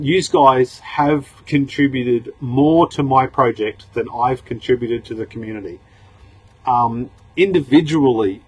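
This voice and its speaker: A middle-aged man hosting a casual live stream from home, talking in a relaxed, chatty way with frequent ums and restarts as he answers viewers. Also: mid-range voice, husky, poor audio. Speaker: livestream host answering chat questions.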